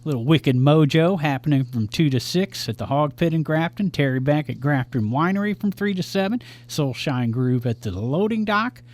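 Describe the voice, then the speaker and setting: A man co-hosts a local music radio show and reads out a long run of gig listings. He keeps it loose and chatty, dropping jokes between dates and venues. His voice sits a little on the higher side. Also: lively intonation, moderate pace, hardly any pauses, a little mellow. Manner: rattles off event listings, joking. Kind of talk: casual radio chat.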